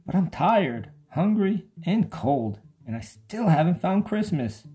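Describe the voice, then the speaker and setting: A narrator reading aloud as a small duck girl who puffs herself up with bold, boastful threats in a children's storybook. The voice stays mid-pitched and plain, with soft music faintly underneath. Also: sing-song, a little slow, breathy edge, exaggerated voice.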